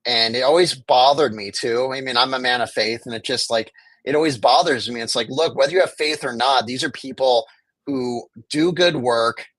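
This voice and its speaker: Appearing as an interview guest, a man advocating for the homeless argues impassionedly and mimics what officials would say in conversation. His mid-range voice is fairly bright at a moderate pace, with poor audio and no room sound.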